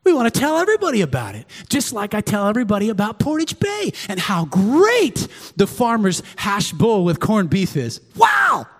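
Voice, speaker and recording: A middle-aged man preaching a sermon as pastor in a church, swinging from excited shouts to hushed, intimate prayer. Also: high voice, normal speed, hardly any pauses, long reverb tail. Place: church sanctuary.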